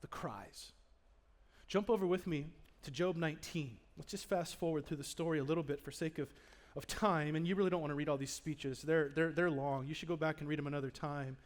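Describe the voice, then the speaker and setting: High-voiced dramatic preacher. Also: male voice, steady tone, fast, hardly any pauses. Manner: dramatic, acts out the speakers in the story he preaches on; swings from hushed to loud, speaks directly to the congregation. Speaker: pastor. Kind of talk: sermon. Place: church in front of a live congregation.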